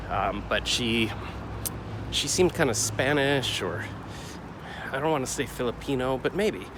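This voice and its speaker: Rambling middle-aged man, street noise behind. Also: medium pitch. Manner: rambling, self-questioning, gets heated retelling the clash. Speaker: vlogger. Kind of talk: casual confessional vlog.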